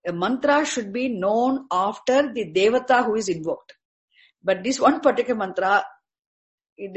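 A woman teaching scripture in a patient lecture, repeating phrases and checking understanding. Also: mid-range voice. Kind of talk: explanatory lecture.

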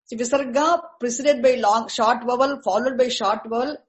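A high-voiced woman teaches Vedic chanting marks. She goes patiently and repeats herself, breaking off words and restarting them. She spells out each term slowly. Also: rough recording. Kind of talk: explaining Vedic chanting accents to a class.

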